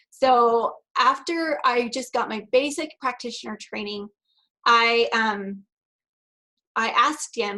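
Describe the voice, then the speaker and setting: A woman with a slightly raised pitch presents at a virtual conference. She tells a personal story in a relaxed, chatty way, laughing along, and later reads from prepared notes. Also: poor audio. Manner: partly reading prepared remarks. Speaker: NLP practitioner and speaker.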